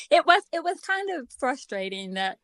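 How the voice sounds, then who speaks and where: A woman with a deaf accent, some sounds coming out a little different, chats casually as a guest author in an interview, full of ums and self-deprecating humor. Her high-pitched voice is very animated and a bit bright, her pace slow, and the recording dry.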